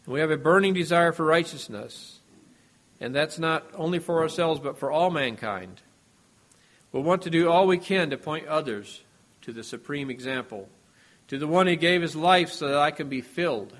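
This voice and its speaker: A man preaching a sermon in a measured, earnest way, his voice dropping softly at the ends of phrases. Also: on the high side.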